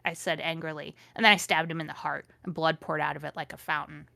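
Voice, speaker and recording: A woman's voice: low voice, steady tone, brisk, vocal fry, hardly any pauses, sharp tone, dry recording, clean studio sound. A woman podcast host reading a fanfic aloud with amused, sarcastic commentary. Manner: amused, sarcastic, laughs often.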